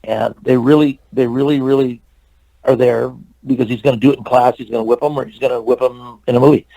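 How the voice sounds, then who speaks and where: A man's voice: medium pitch, steady tone, fast talker, vocal fry, dark tone, no echo, poor audio. A man in his sixties from California, an interview guest telling a long anecdote and acting out the dialogue, with many fillers and restarts. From California, USA.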